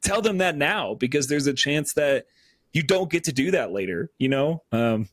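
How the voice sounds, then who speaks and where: Male podcast co-host, slightly high voice, earnest and rambling, choked up, dry close mic. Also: expressive, moderate pace, dry recording. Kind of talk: casual chat.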